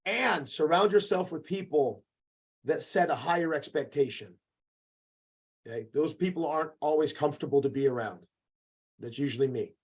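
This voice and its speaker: A man's voice: fairly high pitch, lively intonation, normal speed, long pauses, slightly rough. A man co-hosting a podcast as a jiu-jitsu coach, giving an emphatic, profane motivational talk that keeps checking in with "okay".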